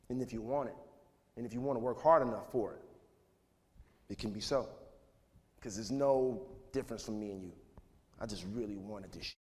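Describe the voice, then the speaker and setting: Rambling man in his thirties, echoey hall. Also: on the low side. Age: 30s. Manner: loose and rambling, full of "like" and "you know", chuckles often. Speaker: speaker addressing students. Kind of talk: casual motivational talk. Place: large school auditorium. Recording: echoey hall with faint noise.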